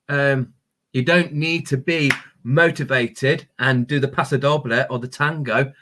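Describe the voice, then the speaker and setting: Brief: man, crystal-healing livestream host, gentle and encouraging, mid pitch. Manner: gentle, encouraging, spiritual talk with many ums. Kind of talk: live-stream chat reading viewer comments.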